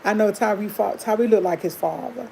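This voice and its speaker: Woman, livestream host, casual storytelling, candid and laughing, relaxed low-toned voice. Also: brisk, gravelly, slight background noise, low-quality recording. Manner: chatty, candid, laughs often, addresses viewers as y'all.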